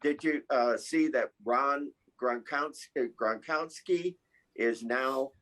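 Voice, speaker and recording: Halting man chatting on a panel. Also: medium pitch, a bit bright, poor audio. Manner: halting, with frequent fillers. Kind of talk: casual panel chat. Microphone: video call.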